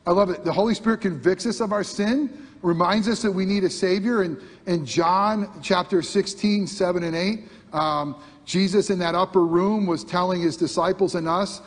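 A man preaching a sermon to his congregation, asking rhetorical questions and swinging between loud emphasis and quiet intensity. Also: sits high, moderate pace, hardly any pauses. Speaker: pastor. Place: church sanctuary. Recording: long hall reverb.

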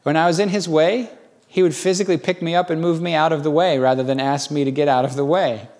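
Guy preaching, folksy storyteller, kinda high voice, chatty sermon. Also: fast talker. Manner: folksy storytelling, lively and conversational. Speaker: pastor.

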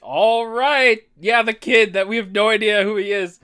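A podcast co-host in casual chat, giggly and excitable, rushing through points. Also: mid-range voice, smooth.

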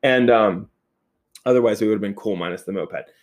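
A man telling a personal story in a casual, animated way, swearing often and laughing as he goes. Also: on the low side, a little fast.

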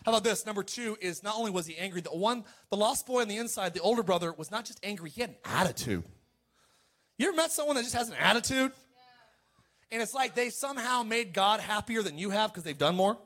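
A middle-aged man preaching a sermon as pastor, animated and joking, with sudden shouted peaks and mocking quoted voices. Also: sits high, fast.

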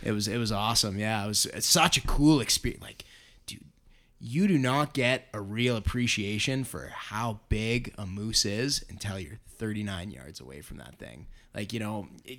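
Lower-voiced man, casual storyteller, swears often and acts out quotes. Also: fairly bright tone. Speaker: guest telling a hunting story. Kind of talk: casual podcast chat.

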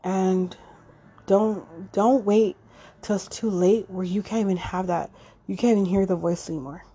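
Woman host, 30s, raw emotional monologue with plenty of swearing and fillers, mid-pitched voice. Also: fairly even intonation, moderate pace, dark tone, breathy edge. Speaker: podcast host. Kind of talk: casual personal monologue.

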